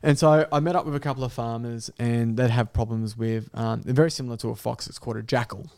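A young man telling an animal story with animated energy, swearing and laughing as he goes. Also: mid-range voice, fast talker. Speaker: guest storyteller. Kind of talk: casual podcast storytelling.

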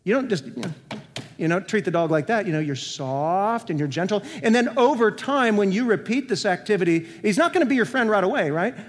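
Higher-voiced male pastor, earnest sermon delivery, reverberant church sound. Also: animated, fairly quick. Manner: earnest preaching with rhetorical questions, swinging between emphatic and soft. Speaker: senior pastor. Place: church sanctuary. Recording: long hall reverb.

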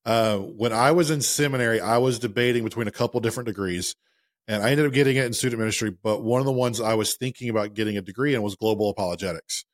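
Man, 30s, podcast co-host, casual self-deprecating chat, slightly low voice. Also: fast talker, no room sound, clean studio sound. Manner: relaxed, self-deprecating, conversational.

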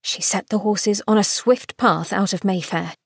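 A woman, a podcast co-host, reading an excerpt from a romance novel aloud in an expressive, dramatic way. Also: medium pitch, moderate pace, creaky, husky, no room sound, studio quality.

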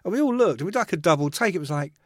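An older man in his sixties, telling stories with a fairly high voice and a lot of swearing. He acts out voices as he goes, in a dry, close recording. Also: animated, racing, no echo. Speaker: guest. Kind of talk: casual storytelling chat.

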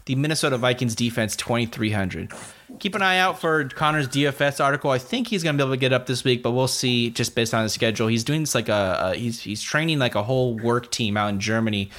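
Guy hosting a sports podcast, relaxed, lots of ums and laughs. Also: medium pitch. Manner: relaxed, laughs often, many fillers. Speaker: podcast host. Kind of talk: casual sports betting chat.

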